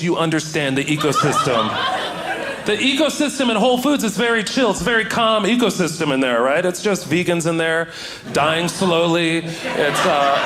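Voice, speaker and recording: Animated stand-up comedian man on stage. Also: sits high, noisy background. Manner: animated, acts out voices in his story, loud excited outbursts. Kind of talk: stand-up storytelling to a live audience. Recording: stage recording with audience laughter. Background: audience laughter.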